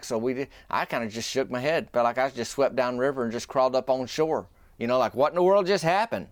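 With a mid-range voice, a quick pace and few pauses, a man hosts a podcast and casually rambles through a folksy story, at times sinking into a whisper. The recording is dry.

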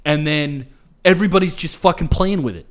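A man's voice: on the high side, fairly quick, fairly bright tone. A young man hosting a podcast, chatting casually with restarts and disbelieving asides. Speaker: podcast host.

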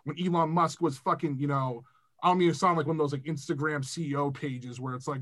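A man's voice: fairly high pitch, fast talker. A young man from Massachusetts, a music producer guest, talking casually and profanely in a podcast chat. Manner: animated, profane, rambling.

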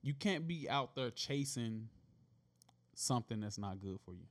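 A slightly tipsy man co-hosting a laid-back conversation. He rambles with plenty of fillers and jokes around, his voice at an ordinary middle pitch. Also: lively intonation, a little slow. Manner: rambling, joking, a bit tipsy. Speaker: podcast co-host. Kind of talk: casual chat.

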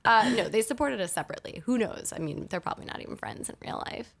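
A woman's voice: medium pitch, animated, quick pace, vocal fry, a bit bright, a little hiss or hum. A woman hosting a podcast in a studio, chatting casually and upbeat, laughing often. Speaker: podcast host.

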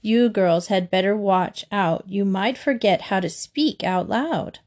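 A woman voicing a brisk, no-nonsense mother who scolds her daughter in a storybook reading. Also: medium pitch, a little mellow, lightly acted.

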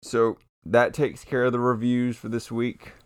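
A man's voice: mid-range voice, flat delivery, unhurried, clear, resonant tone, no echo, studio quality. A man co-hosting a casual podcast, laid-back and swearing casually, often trailing off and restarting. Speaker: podcast co-host.

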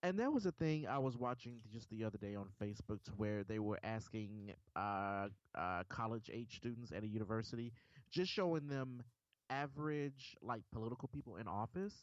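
A man's voice: lowish voice, lively intonation, moderate pace, no echo. Hesitant man co-hosting, dull sound. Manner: hesitant, agreeable, filler-heavy. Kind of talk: casual chat.

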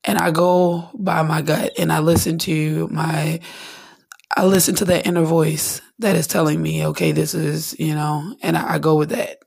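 A woman's voice: low-pitched, level tone, moderate pace, vocal fry, a little mellow, husky. A woman hosting her own podcast in a candid, rambling monologue, often acting out little voices. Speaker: podcast host. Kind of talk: casual spiritual monologue.

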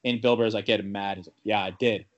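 A man's voice: fairly low pitch, fast, dull audio. A young man casually recapping a TV episode, rambling with many "like" fillers and acting out the characters' lines. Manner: rambling, full of "like" fillers and restarts; animated retelling with quoted character lines. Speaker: podcast co-host recapping a TV episode. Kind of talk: casual chat.

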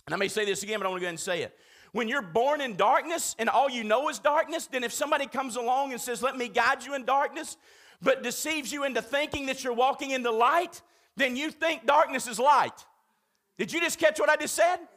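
High, bright-voiced preacher man. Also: fairly quick. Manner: emphatic preaching, urgent and repetitive, calls out to congregation. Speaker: pastor. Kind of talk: sermon. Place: church.

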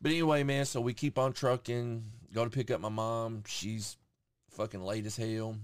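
Speaking at a normal speed with a smooth, medium-pitched voice, this male podcast host shares a profane story in a casual way. He is animated and acts out people's quoted lines, and there is no echo.

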